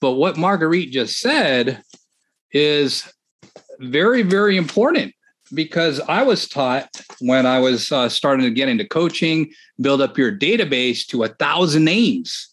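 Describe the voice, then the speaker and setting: An energetic male host with a fairly high voice, chatting casually on a podcast. He talks in a lively, friendly way, laughs often and coaches his listeners on real estate. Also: measured pace. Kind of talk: casual chat.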